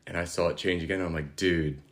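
A man's voice: low voice, fairly even intonation, a little fast. A young man co-hosting a casual faith podcast, telling stories in a laid-back way and saying "dude" a lot. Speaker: podcast co-host.

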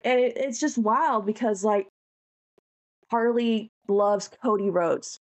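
A woman co-hosting a podcast in casual chat, an animated and heartfelt storyteller. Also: medium pitch, takes it slowly. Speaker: podcast co-host.

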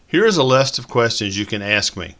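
A man reading a story, voicing a confused phone voice assistant in a flat, polite way. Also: lowish voice, brisk, pitched above the performer's own voice.

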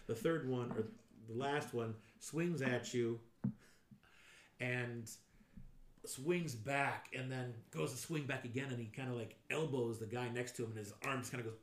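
A man running a tabletop game as game master, narrating lively and acting out sound effects. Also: mid-range voice, normal speed. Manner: animated, acts out sound effects and blurts out enemy lines. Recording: roomy echo, faint noise.

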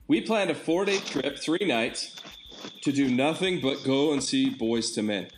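A man's voice: mid-range voice, a little slow. A middle-aged man co-hosting a podcast, telling stories in casual chat and laughing often. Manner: animated storyteller, laughs often. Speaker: podcast co-host. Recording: roomy echo, faint background noise.

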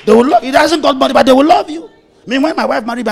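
A man's voice: very high voice, lively intonation, quick pace, creaky, slightly rough. A male pastor preaching a playful, anecdotal sermon, laughing often as he tells stories. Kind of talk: storytelling sermon.

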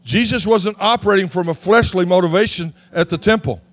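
A man from Texas, preaching a sermon in an animated way that rises to shouts. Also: high voice, a little fast, no room sound. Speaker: pastor.

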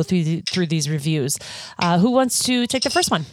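A woman with a Southern US accent co-hosting a podcast in casual chat, effusive and quick to laugh. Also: on the low side, no echo. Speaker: podcast co-host.

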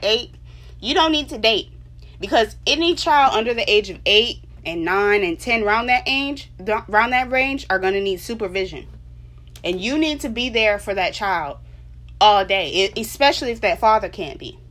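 A woman's voice: medium pitch, a bit bright. Passionate, emphatic woman lecturing. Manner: preachy, lecturing. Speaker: vlogger. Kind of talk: opinion monologue to camera.

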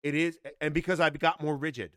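A man's voice: on the high side, fairly even intonation, fast, fairly bright tone, no room sound, studio quality. A man in his forties telling a story in casual podcast chat, swearing a lot and growing heated. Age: 40s. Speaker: podcast co-host.

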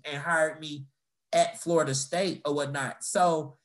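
Animated young man telling stories. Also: on the high side, normal speed. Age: young adult. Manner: animated storytelling, swearing, acting out quoted voices. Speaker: storyteller in a conversation. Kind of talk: casual chat.

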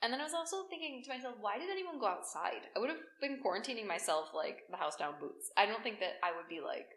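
A woman's voice: on the high side, very animated, fast talker, a bit bright, reverberant. A woman co-hosting a podcast, telling a true crime story in a chatty, joking way. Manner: chatty, jokey storytelling, laughs often. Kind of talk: casual chat.

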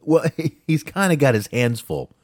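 A man's voice: mid-range voice, very animated, unhurried, no room sound, clean studio sound. A man co-hosting a wrestling podcast in casual chat, blunt and profane, laughing often. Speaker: podcast co-host.

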